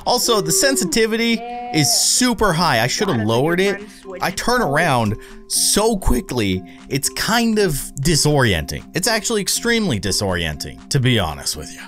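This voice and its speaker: A man in his thirties hosting a let's-play at home, excitably gasping and laughing as he comments on a scary game. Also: fairly high pitch, normal speed, faint music behind. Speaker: gaming video host. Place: home with his young son nearby.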